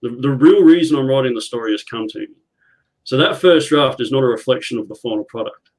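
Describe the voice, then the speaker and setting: Man in a writers' panel, earnest explainer, mid-pitched voice, video call. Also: quick pace, darkish tone, poor audio. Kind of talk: casual video call chat.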